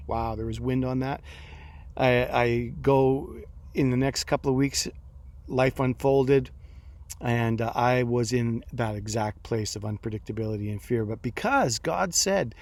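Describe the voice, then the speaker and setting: A man's voice: mid-range voice, a little slow, a little mellow. A middle-aged man, a pastor, telling a personal story in a devotional talk, acting out his own reactions as he goes.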